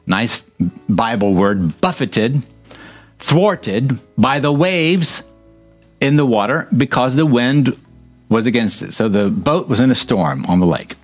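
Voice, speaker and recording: Lively-voiced preacher repeating for emphasis. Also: male voice, mid-range voice. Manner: joking asides, repetitive emphasis. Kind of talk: sermon.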